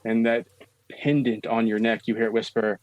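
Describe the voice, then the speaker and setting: A man running a tabletop horror game as dungeon master, describing scenes slowly and with suspense, with casual asides to his players. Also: mid-range voice, flat delivery, no room sound.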